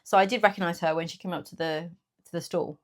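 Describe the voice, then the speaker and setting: A woman, chatting casually in a small business vlog, animated and laughing often. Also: lowish voice, quick pace. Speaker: small business owner and vlogger. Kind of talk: casual chat to camera.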